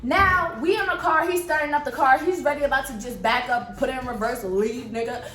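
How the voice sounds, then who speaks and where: A young woman in her twenties telling a storytime vlog in an animated, profane and blunt way. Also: sits high, a little fast. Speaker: vlogger. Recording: roomy echo, faint noise.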